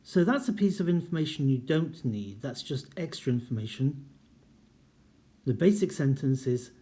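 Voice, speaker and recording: A man teaching an academic writing class, speaking clearly and deliberately and reading example sentences aloud with marked intonation. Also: mid-range voice, animated, mellow. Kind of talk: recorded lecture.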